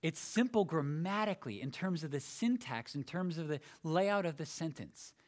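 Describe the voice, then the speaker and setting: A man preaching a sermon, explaining a passage phrase by phrase with emphatic pauses and small restarts. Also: fairly high pitch, lively intonation, darkish tone.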